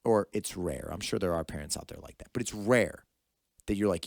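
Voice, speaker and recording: Low-voiced man, emphatic podcast host. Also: brisk, creaky, darkish tone, no echo, clean studio sound. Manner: emphatic, opinionated commentary. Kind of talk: casual conversation.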